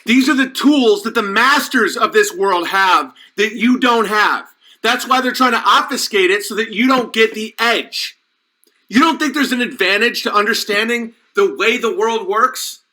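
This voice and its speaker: A man's voice: high-pitched, normal speed, sharp tone, rough recording. A man hosting a podcast, delivering a fired-up, preachy and emphatic monologue. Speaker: podcast host. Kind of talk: impassioned conspiracy monologue.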